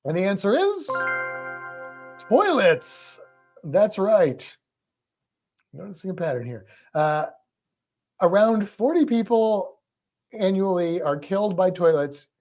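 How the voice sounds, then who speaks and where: A man co-hosting a trivia livestream, reading out questions and viewer comments in relaxed chat, laughing easily. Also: high voice, slow, pauses often, soft background music.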